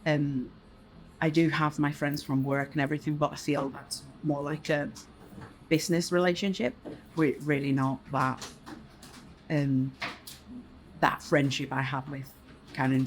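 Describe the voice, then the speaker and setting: Mexican-born woman, low voice, chatty, laughs a lot while answering. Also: level tone, a little slow, long pauses, a little hiss or hum. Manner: chatty, laughs between thoughts. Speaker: interviewee. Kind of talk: street interview answers.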